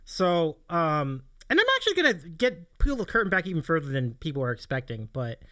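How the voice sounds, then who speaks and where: A man's voice: fairly high pitch, very animated, brisk, sharp tone. A man hosting a casual livestream talk show, telling a story in a rambling way and laughing often. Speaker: host.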